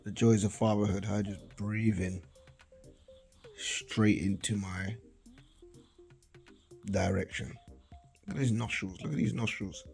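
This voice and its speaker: A young father chatting playfully to camera at home, with lots of slang, sometimes murmuring softly by a sleeping baby. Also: fairly low pitch, fairly even intonation, a little slow, vocal fry, long pauses, faint music behind. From Britain. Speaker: vlog host, father. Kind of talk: casual chat to camera.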